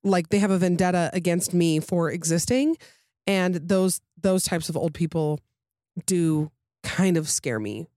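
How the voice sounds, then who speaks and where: A woman's voice: lowish voice, expressive, measured pace, warm tone, no room sound. Chatty woman podcast host, dry sound. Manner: chatty, lots of fillers and tangents. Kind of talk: casual chat reading listener stories.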